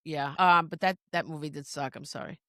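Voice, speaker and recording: A woman's voice: deep voice, fairly even intonation, brisk, bright, forceful tone, no room sound, studio quality. A middle-aged woman co-hosting a podcast, chatting casually in rambling, restarting sentences and laughing easily. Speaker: podcast co-host. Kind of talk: casual chat.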